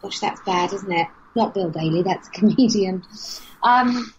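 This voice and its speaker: A woman's voice: mid-range voice, unhurried, a little hiss or hum. A woman, speaking frankly and telling a story as an interview guest. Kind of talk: casual conversation. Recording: dull lo-fi podcast audio.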